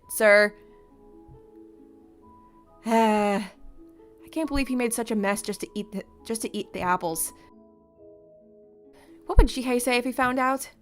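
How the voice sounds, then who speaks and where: A woman streaming a let's play, reading a story game's text aloud in the first person and reacting with her own comments. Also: fairly high pitch. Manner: animated, exclaims and laughs at the story.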